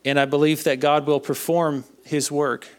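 A young man giving an earnest personal faith testimony, halting and often repeating his words. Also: fairly high pitch, little pitch movement. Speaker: speaker sharing a testimony.

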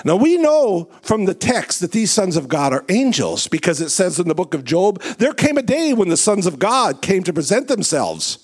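Slow preacher guy, highish voice that swings all over, drawing out every line. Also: big pitch swings, breathy edge. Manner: preaching with slow drawn-out phrasing and big swings in pitch. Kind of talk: sermon.

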